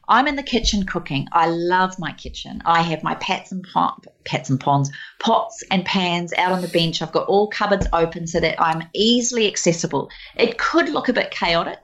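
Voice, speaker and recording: Storytelling woman guest, somewhat low, animated, dull lo-fi recording. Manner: animated, warm anecdotes with laughs and acted quotes. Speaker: guest speaker. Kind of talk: conversational storytelling.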